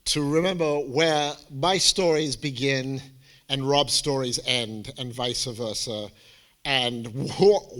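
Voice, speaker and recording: A man speaking as a college admissions adviser, giving a lively, theatrical presentation to students and parents. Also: medium pitch. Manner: animated, theatrical, jokey storyteller.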